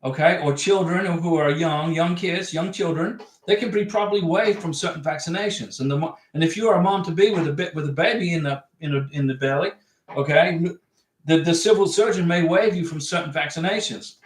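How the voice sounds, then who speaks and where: A man's voice: fairly high pitch, brisk. A man hosting a livestream, reading out viewer comments and giving advice in a chatty way, repeating his points for emphasis. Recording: echoey room.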